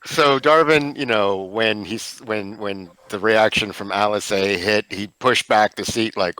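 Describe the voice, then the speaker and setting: A man playing a tabletop game, recounting and acting out his character's reactions in an animated way. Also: fairly low pitch, normal speed, no room sound, poor audio. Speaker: player. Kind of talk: tabletop game play and recap.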